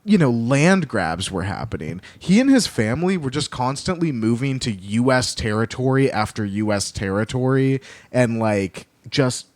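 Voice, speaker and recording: A man co-hosting a podcast in casual chat, talking in quick, lively bursts. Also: medium pitch, no room sound. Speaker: podcast co-host.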